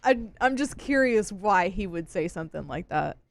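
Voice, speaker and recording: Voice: mid-range voice, expressive, moderate pace, creaky, no echo. A co-host on a sports radio show, chiming in with brief, wry casual remarks in a studio.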